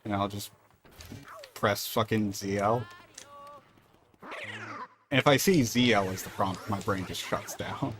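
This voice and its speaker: A man's voice: lowish voice, unhurried, pauses often, fairly bright tone, slight background noise. A man streaming a speedrun, chatting casually and rambling, with casual swearing between thoughts. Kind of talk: casual chat while gaming.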